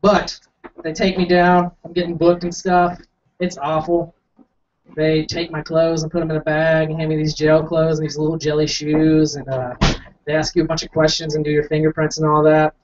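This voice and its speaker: A young man with a slightly high voice tells a long, rambling stand-up story, mocking himself and acting out each quoted line. He sounds far from the mic on a dull, lo-fi recording with faint room noise behind him. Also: completely flat delivery, normal speed. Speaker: stand-up comic. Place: small coffee house stage.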